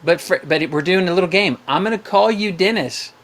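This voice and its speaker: A man's voice: sits high, brisk, fairly bright tone, a little hiss or hum. A man hosting a live call-in show, coaching young callers in a playful, upbeat way, asking questions and running little games.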